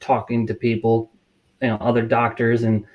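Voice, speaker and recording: Middle-aged guy, monotone, lots of ums, guest on a talk show, measured. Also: medium pitch, lo-fi sound. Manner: measured, many fillers and restarts. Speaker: mental health counselor. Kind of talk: interview guest.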